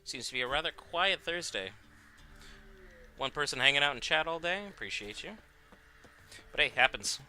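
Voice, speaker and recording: Bright-voiced man streaming a game. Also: on the high side, expressive, normal speed, pauses often, faint music behind. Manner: chatty, wry, talks to chat. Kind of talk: casual gameplay commentary.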